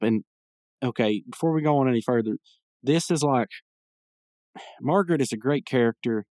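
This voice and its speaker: A man's voice: medium pitch, a little mellow, no echo, studio quality. A man hosting a podcast, recapping a cartoon episode in casual, rambling talk full of fillers and opinionated asides. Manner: rambling and digressive, many fillers. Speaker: podcast host.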